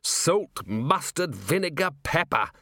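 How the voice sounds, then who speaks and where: A man voicing a sharp, driven veteran police commander in an audiobook, talking briskly and firing probing, rhetorical questions. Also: fairly high pitch, very animated, no room sound, studio quality, voice pushed up, heavily acted. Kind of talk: audiobook character voice.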